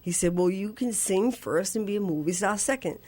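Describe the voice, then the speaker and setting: A woman, a guest telling a story on a radio show, laughing often and jumping to a squeaky high voice when she plays her younger self. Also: brisk, darkish tone. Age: 60s.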